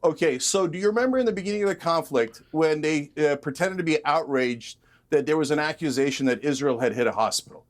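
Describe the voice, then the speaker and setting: A man arguing hard in a heated televised debate, sarcastic and rapid-fire. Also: a little high. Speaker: political commentator in a debate.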